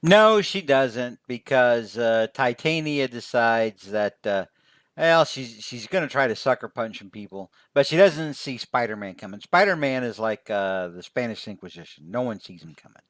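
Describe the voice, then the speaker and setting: Mid-pitched man rambling through a comic recap. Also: lively intonation, moderate pace, fairly bright tone, dry recording. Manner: rambling, joking, many fillers. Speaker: podcast co-host. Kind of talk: casual comic book recap.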